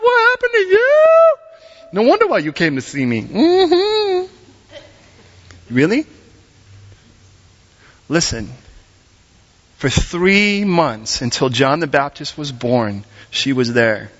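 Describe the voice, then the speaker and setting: A man preaching a sermon in a church, animated and asking the congregation direct questions. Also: a little high. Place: church service. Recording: dull lo-fi recording.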